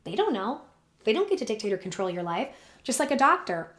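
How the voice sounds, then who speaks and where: A woman's voice: a little high, big pitch swings, fairly quick, a bit bright. A woman talking casually to her viewers, her voice strained and worn, chatty and earnest. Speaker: vlogger giving predictions. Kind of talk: casual talk to camera. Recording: echoey room.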